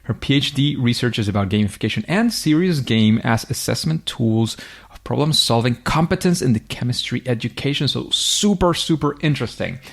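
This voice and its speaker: A man's voice: medium pitch, animated, a little fast, gravelly. A man hosting an interview podcast, chatty and self-deprecating, stumbling through names with good humor. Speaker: podcast host.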